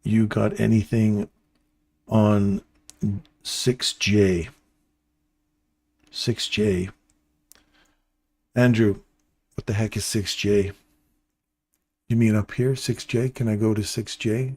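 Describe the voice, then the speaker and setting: A man's voice: lowish voice, fairly even intonation, takes it slowly, long pauses, a little mellow. A man hosting a live trading stream, giving casual, playful running commentary and talking to his viewers by name.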